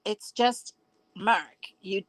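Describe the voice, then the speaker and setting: A woman co-hosting a livestream, telling a story in giggly, animated casual chat. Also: mid-range voice, very slow, no room sound, clean studio sound. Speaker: co-host of a livestream.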